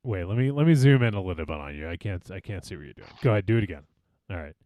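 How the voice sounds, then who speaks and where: A man's voice: deep voice, rapid-fire, no room sound. A man hosting a podcast, bantering casually with plenty of swearing and laughter. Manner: animated, swearing, laughs often. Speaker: podcast host.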